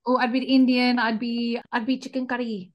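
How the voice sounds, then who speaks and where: A woman from Britain guesting on a podcast, giving short, laid-back answers to quickfire questions. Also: on the high side, level tone, lo-fi sound. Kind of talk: casual chat, quickfire answers.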